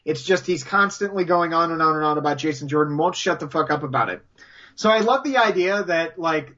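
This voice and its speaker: A man co-hosting a podcast, talking casually in an excitable, stammering way. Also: a little high, breathy edge, lo-fi sound. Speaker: podcast co-host.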